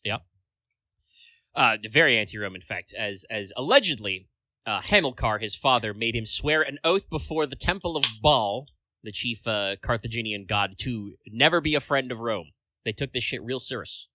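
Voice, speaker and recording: A man's voice: mid-range voice, lively intonation, moderate pace, sharp tone. A man co-hosting a casual podcast chat, rambling along with lots of filler words and casual swearing. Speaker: podcast co-host.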